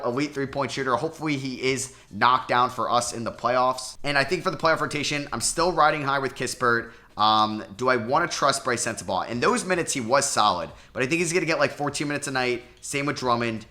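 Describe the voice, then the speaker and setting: A young man commentating his own basketball video game playthrough, excitable and swinging between hopeful pleading and groaning despair. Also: mid-range voice. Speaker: gaming commentator.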